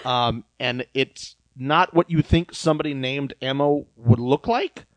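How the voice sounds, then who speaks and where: Male co-host, gossipy casual chatter, mid-pitched, dry close sound. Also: unhurried, dry recording, poor audio. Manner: chatty, gossipy, acts out quotes of others. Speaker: podcast co-host. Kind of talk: casual chat about reality TV.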